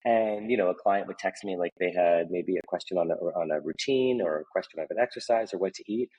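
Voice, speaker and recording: A man's voice: deep voice, fairly quick, breathy edge, muffled recording. A man in his forties, a personal trainer and author, speaking earnestly and with open emotion as an interview guest. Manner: earnest, emphatic, openly emotional. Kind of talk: candid conversational interview.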